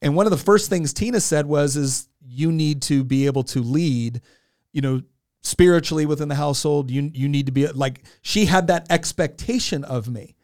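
A man's voice: fairly high pitch, normal speed, a little mellow, no echo, studio quality. A man in his forties telling a story in casual talk, earnest, often repeating words as he restarts. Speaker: podcast co-host.

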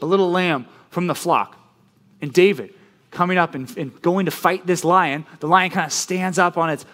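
A man preaching a casual youth sermon, telling the story in a chatty, animated way with lots of fillers. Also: fairly high pitch. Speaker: youth pastor.

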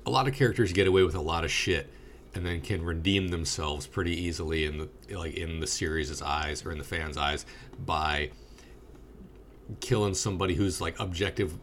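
A man's voice: low voice, normal speed, a bit bright, slight background noise. A young man rambling casually and swearing now and then while reviewing a movie with a friend.

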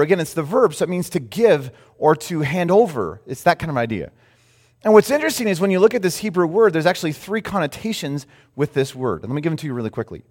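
Animated male preacher in a reverberant hall. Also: on the high side. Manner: animated storytelling with shifting volume and pace. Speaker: pastor. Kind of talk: sermon.

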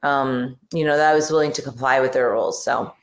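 A woman from the New York and New Jersey area speaks fairly quickly in a very deep, steady voice as a podcast guest, in an echoey room. She talks frankly and irritably in casual conversation, trailing off with fillers.

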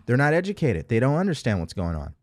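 A man's voice: mid-range voice, huge pitch swings, quick pace, darkish tone, no room sound, studio quality. A man giving an emphatic motivational talk, full of rhetorical questions and repeated phrases. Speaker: motivational speaker. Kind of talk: motivational monologue.

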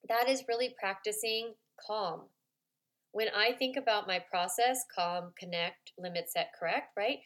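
A woman hosting a parenting podcast as a coach, talking informally with lots of "like" and "right?", softening her voice to model calm replies to children. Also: a little slow. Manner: chatty and informal, full of "like" and "right?"; acts out children's complaints in a high voice. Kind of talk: conversational podcast monologue.

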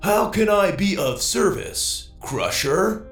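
A man's voice: high-pitched, sing-song, slow pace, echoey room, faint music behind, pitched above the performer's own voice, heavily acted. A man voicing a shiny male robot assistant that talks in laid-back surfer slang, in a storybook reading. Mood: eager.

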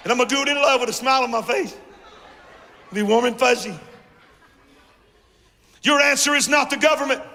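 A man preaching a fiery sermon as a guest preacher, shouting with call-and-response to the congregation. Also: very high voice, a little fast, creaky, pauses often. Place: large church hall. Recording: long church reverb with music.

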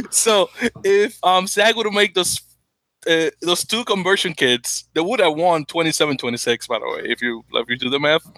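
A man's voice: on the high side, moderate pace, a bit bright, no room sound. A young man from the Dominican Republic hosting a casual sports podcast, rambling and correcting himself with frequent laughs. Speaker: podcast host.

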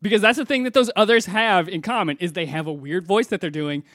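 A man co-hosting a casual movie podcast, animated and joking. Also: sits high, brisk, dry recording, clean studio sound. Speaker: podcast co-host.

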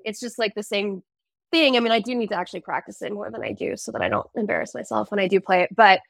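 A woman's voice: medium pitch, fast talker, creaky, no echo, studio quality. A woman musician, a podcast guest, telling stories in casual chat with many fillers, heard over a remote call. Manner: animated storyteller, many "like" fillers.

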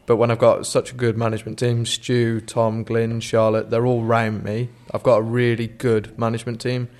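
A man in his twenties talking candidly about his business in a studio. His voice is level and barely moves in pitch, with plenty of ums along the way. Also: monotone, moderate pace, darkish tone. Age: 20s. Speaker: business owner, guest.

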